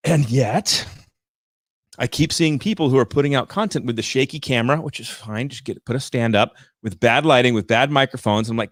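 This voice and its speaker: A man's voice: mid-range voice, fairly quick, dry recording. A man hosting a live show, giving direct, emphatic coaching talk with points repeated for effect, in a room with large windows on a studio microphone.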